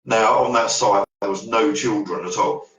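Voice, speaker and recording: A man's voice: steady tone, normal speed, fairly bright tone. A man, telling ghost stories in a rambling podcast chat, trailing off and restarting. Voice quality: deep voice. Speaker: paranormal investigator guest. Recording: echoey room, far from the mic.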